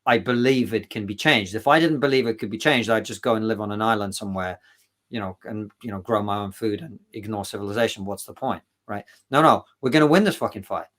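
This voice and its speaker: A man's voice: fairly low pitch, fairly even intonation, fairly quick, fairly bright tone. A man speaking as an interview guest, emphatic, restarting his sentences often. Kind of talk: casual interview talk.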